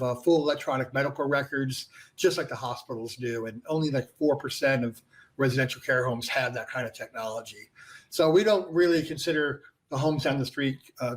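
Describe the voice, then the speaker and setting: A man, a franchise founder and guest, explaining his business in a casual interview and filling pauses with "you know". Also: on the high side. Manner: conversational, filler-heavy with frequent "you know".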